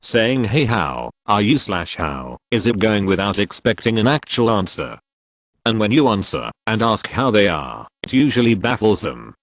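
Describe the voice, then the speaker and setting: A man's voice: fairly low pitch, dry recording. A man narrating, reading out a list of online comments. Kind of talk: scripted narration.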